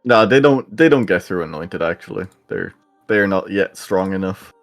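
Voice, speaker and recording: A man's voice: low voice, expressive, moderate pace, soft background music. A man chatting casually as a player in a tabletop game, joking and swearing loosely.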